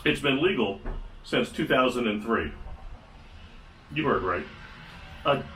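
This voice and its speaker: A man's voice: medium pitch, expressive, slow, sharp tone, slight background noise. A man hosting his own podcast, talking through a casual solo commentary with sarcastic, wry asides. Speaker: podcast host. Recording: echoey room, mic at a distance.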